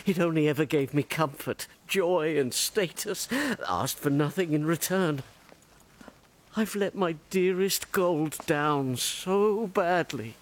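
A man's voice: on the high side, takes it slowly. An actor playing a greedy, miserly old father in a stage comedy, frantic and melodramatic. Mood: wailing.

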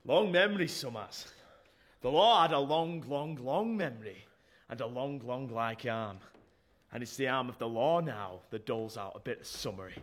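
A man's voice: medium pitch, expressive, normal speed, close to an everyday voice. An actor playing a young ex-thug policeman who sneers and menaces in a radio drama. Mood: menacing.

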